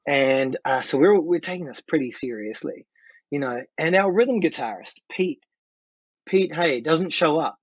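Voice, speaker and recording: A man in his fifties with a New Zealand accent, telling a story as a podcast guest in an animated way and acting out what people said. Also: a little high, measured pace, slightly rough, dry recording, lo-fi sound. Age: 50s. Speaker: guest musician. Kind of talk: casual storytelling.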